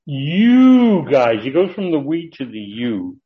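Man, Bible teacher, mid pitch, emphatic verse-by-verse teaching, dull lo-fi sound. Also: big pitch swings, moderate pace. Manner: earnest, emphatic, stretches key words, reads from notes. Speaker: pastor teaching a Bible study. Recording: dull lo-fi recording.

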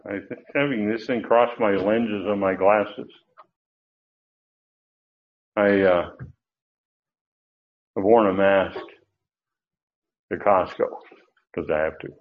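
A man's voice: lowish voice, slow, pauses often, narrow, tinny audio. An older man preaching an expository sermon in a folksy, digressive way, with many restarts and asides. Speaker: pastor.

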